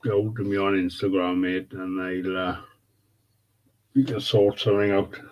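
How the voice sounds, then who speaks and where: A man's voice: sits low, little pitch movement, measured pace, a little mellow, dull audio. A man hosting a casual livestream, chatting laid-back with viewers, swearing freely and calling them mate and bud. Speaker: livestream host. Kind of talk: casual live chat with viewers.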